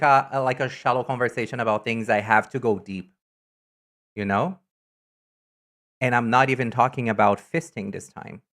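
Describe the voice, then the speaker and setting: A woman streamer in casual live-stream chat, talkative and teasing, answering chat messages with sudden high, loud exclamations. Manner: chatty, reacts to chat messages with loud teasing jumps in pitch.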